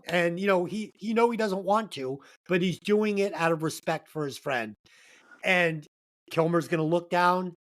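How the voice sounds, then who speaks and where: Profane, animated woman podcast co-host. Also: lowish voice, normal speed. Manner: profane, animated, emphatic storytelling. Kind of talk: casual movie-review chat.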